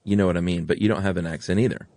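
A man's voice: low-pitched, steady tone, racing, a little mellow, no echo, studio quality. A middle-aged man with a General American accent, co-hosting a podcast in casual, enthusiastic chat. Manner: enthusiastic, gushing. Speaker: podcast co-host.

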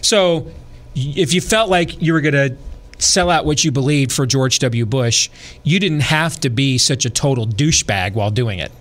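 A man's voice: medium pitch, normal speed, hardly any pauses, a bit bright. A middle-aged man hosting a casual political talk show, rambling conversationally with many fillers and restarts.

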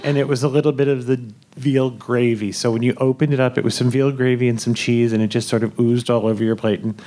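A man's voice: mid-range voice, little pitch movement, fast talker, warm tone. Chatty man telling a live audience a story. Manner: chatty, laughing, enthusiastic food storytelling. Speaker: podcast host. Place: theater on a cruise ship.

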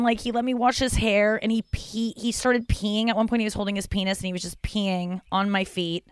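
A woman's voice: mid-range voice, dry recording. A young adult woman hosting a podcast, talking in a candid, rambling, crude comedic monologue. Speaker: podcast host.

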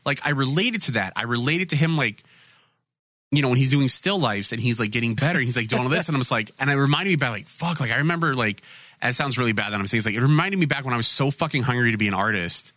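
Forceful, bright-voiced man swearing casually. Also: medium pitch, animated, fast talker, no room sound. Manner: rambling, profane storytelling. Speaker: podcast host. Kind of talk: casual chat.

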